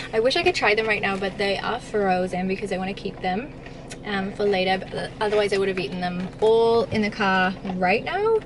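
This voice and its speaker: A woman's voice: mid-range voice, a little fast. Bubbly young woman vlogging from a car. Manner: bubbly, gushing, filler-heavy. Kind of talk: casual vlog chat. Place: inside a car. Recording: noisy car recording.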